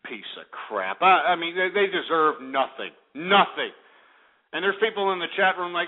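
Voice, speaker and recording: A man's voice: high voice, sing-song, normal speed. A man hosting a call-in radio show, ranting bluntly and scornfully at his listeners. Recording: tinny phone-like lo-fi audio.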